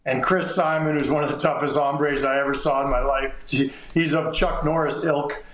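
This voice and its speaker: A middle-aged man spins a lively anecdote, slipping into the voices of the people in it. His voice sits a bit high for a man, and the room around him rings with echo. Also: normal speed. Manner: animated anecdote telling, acts out quotes. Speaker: sports columnist guest. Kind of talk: casual storytelling.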